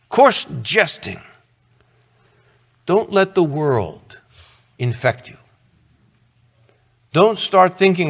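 Middle-aged male pastor, earnest conversational sermon, slow delivery, slightly high voice. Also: expressive, a bit bright, in a large hall. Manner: earnest, conversational preaching with rhetorical questions.

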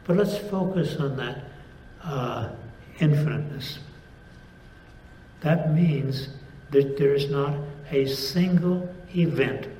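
A man preaching a sermon, speaking deliberately with pauses and emphatic stresses. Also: mid-range voice, a little mellow, roomy sound, slight background noise, rough recording.

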